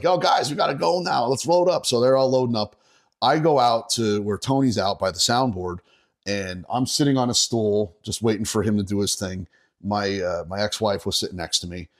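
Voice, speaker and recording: On a podcast, a middle-aged bass player from Northeastern Pennsylvania recounts a rowdy tale. He's casual and profane, and keeps cracking up laughing.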